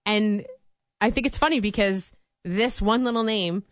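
A woman chatting casually and telling a story in an animated way, laughing often. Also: medium pitch, moderate pace, clean tone, no room sound, studio quality. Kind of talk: casual chat.

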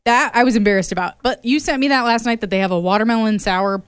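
A woman co-hosting an afternoon radio podcast, chatting casually and telling lively stories with frequent laughs. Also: on the high side, fast talker, clean tone, no room sound. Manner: animated storytelling, laughs often. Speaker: radio co-host. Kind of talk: casual chat. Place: radio studio.

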